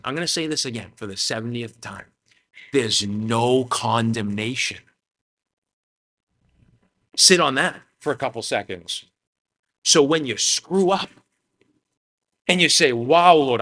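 A man's voice: mid-range voice, pushed and bright. A man, the pastor, giving a conversational sermon to his church, talking casually with lots of "man" and "you know".

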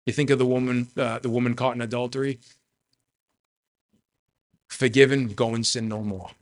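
A man's voice: medium pitch, little pitch movement, moderate pace. Emphatic preaching man. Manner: emphatic preaching with sudden loud and soft swings; addresses the congregation directly. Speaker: pastor. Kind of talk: sermon.

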